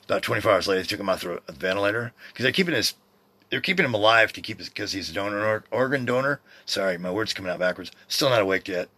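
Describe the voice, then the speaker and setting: A man's voice: lowish voice, animated, rapid-fire, sharp tone, slightly rough, no echo. A man in his fifties hosting a podcast from his home, talking in a loose, meandering way that keeps interrupting itself. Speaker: podcast host. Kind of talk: rambling personal monologue. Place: home room by his computer.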